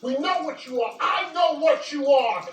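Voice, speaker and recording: A high-voiced woman vlogger aims an angry, direct-to-camera rant at a public figure, speaking at normal speed. She's heated and accusing, repeating insults and sometimes shouting, recorded on a distant mic in an echoey room.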